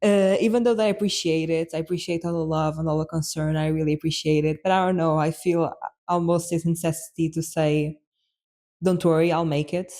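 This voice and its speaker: A woman's voice: sits low, steady tone, brisk, warm tone. A young woman hosting a podcast, telling a personal story in an earnest, reflective way, full of fillers and restarts. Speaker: podcast host.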